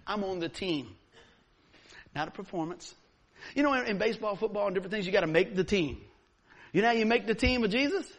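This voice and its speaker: A man preaching a sermon, telling a story with lively, acted-out moments. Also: high voice, fast talker. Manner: animated storyteller, acts out scenes. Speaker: pastor.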